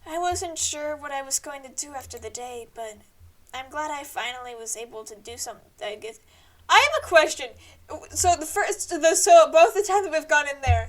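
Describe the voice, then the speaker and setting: A woman's voice: high voice, fairly bright tone. A woman streamer reading through a story game and commenting on it playfully.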